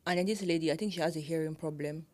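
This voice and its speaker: A young Nigerian woman with a Nigerian accent, co-hosting a casual podcast and telling a story with lively, slangy energy. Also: deep voice, very fast. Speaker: podcast co-host.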